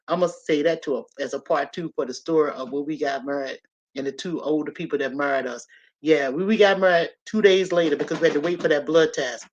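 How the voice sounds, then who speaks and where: A woman, telling a personal story and talking straight to her listeners. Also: on the low side. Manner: animated, talks straight to listeners.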